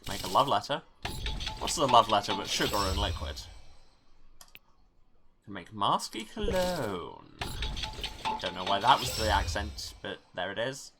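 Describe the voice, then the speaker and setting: A let's play host chatting casually over a game, self-mocking and quick to joke. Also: deep voice, noisy background.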